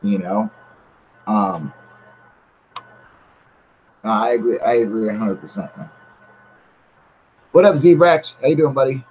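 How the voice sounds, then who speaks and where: A man's voice: lowish voice, takes it slowly, pauses often. A man hosting a casual livestream, chatting with viewers in a blunt, heavily profane, rambling way. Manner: rambling with many fillers. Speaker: channel host. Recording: slightly muffled with faint hiss.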